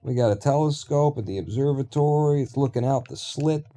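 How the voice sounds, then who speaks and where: Dark-voiced man thinking aloud. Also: mid-range voice, a little fast, a little hiss or hum. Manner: rambling, thinks aloud, swears casually. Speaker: streamer. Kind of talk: casual live-stream commentary while building in a game.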